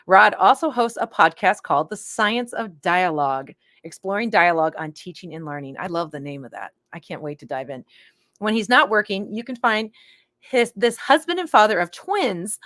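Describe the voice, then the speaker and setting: A woman's voice: mid-range voice, moderate pace, no echo. Brief: woman event host, bubbly and effusive, dry close-mic recording. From Boston area. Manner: bubbly, excitable, laughs often. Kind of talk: live-stream event hosting.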